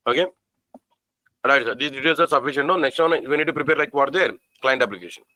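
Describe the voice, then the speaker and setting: A man at a middle pitch teaches a live coding lesson, asking his class rhetorical questions and repeating his phrases. He spells out code slowly, one part at a time. The recording is dry and close. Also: bright, forceful tone, no room sound, poor audio. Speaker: programming teacher.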